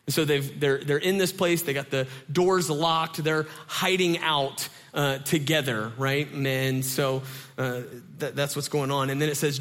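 A man in his thirties preaching a casual sermon, telling stories in an animated way with many fillers. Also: fairly high pitch, a little slow. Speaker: pastor.

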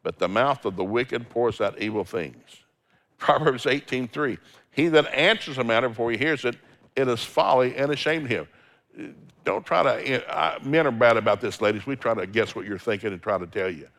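A middle-aged man with a mid-range, slightly bright voice speaks at a normal speed as a guest preacher. In his sermon he quotes scripture and acts out everyday conversations, telling it all in a folksy, storytelling way.

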